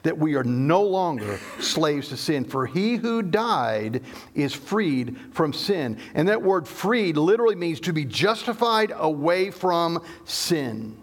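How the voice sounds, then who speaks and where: A man's voice: on the high side, big pitch swings, takes it slowly. A middle-aged man preaching a sermon, explaining scripture emphatically and often restarting his sentences. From Southern United States. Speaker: pastor.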